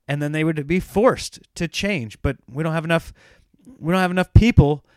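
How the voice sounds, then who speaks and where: A man's voice: a little high, normal speed, a little mellow, no room sound, studio quality. An American man, a comedian, ranting casually and sarcastically, often laughing at his own points.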